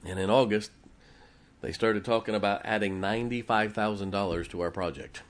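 Folksy low-voiced pastor telling a story. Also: male voice, brisk. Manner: folksy, animated storytelling with quoted dialogue. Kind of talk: sermon storytelling.

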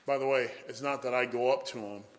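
A man's voice: mid-range voice, steady tone, fast. A man preaching a sermon, telling folksy stories and often saying "boy".

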